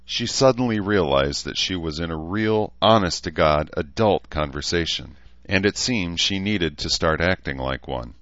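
A man reading a novel aloud as narrator in a steady, even manner. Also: deep voice, moderate pace, dry recording, lo-fi sound. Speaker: audiobook narrator. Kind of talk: scripted narration.

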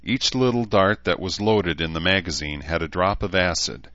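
Deep-voiced man narrating a novel. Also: normal speed, a bit bright, no echo, highs cut off. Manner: acts out characters' lines with raised pitch and force. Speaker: audiobook narrator. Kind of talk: scripted narration.

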